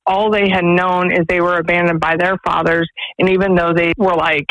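A woman's voice: fairly low pitch, flat delivery, moderate pace, fairly bright tone, dry recording, low-quality recording. Woman guest on a radio talk show, telling stories all heartfelt, dry close mic. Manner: earnest storytelling, quoting others. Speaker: executive director of a pregnancy resource center.

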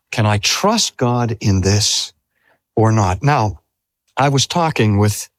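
An older man, a pastor, preaching a sermon in a slow, measured way. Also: mid-range voice, dry recording. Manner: slow, measured delivery with lively rises and falls.

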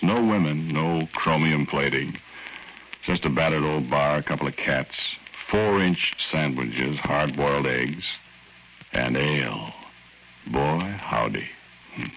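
A gravelly, very deep folksy narrator. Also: male voice, a little hiss or hum, full character voice. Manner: relaxed, folksy storytelling, drawn-out asides. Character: folksy everyday man telling his own story, easygoing. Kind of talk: 1940s radio acting. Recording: muffled old radio recording with music underneath.

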